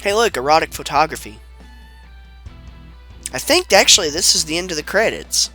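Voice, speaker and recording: Soft music plays behind a let's play commentator whose fairly high, sing-song voice has a sharp edge and moves at a moderate pace. Though he sounds sick, he chats about the video game in a loose, rambling way, swearing casually.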